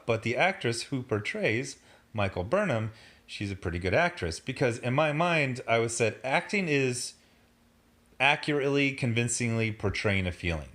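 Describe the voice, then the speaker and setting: A man's voice: medium pitch, a bit bright. A man hosting a casual review, sarcastic and exasperated, rambling with lots of fillers and mocking asides. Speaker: commentary host.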